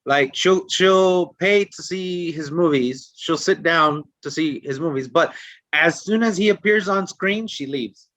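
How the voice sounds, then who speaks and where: A man's voice: a little high, a little slow, a bit bright, dry recording. A man co-hosting a podcast in casual chat, retelling stories in a chatty, profane way. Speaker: podcast co-host.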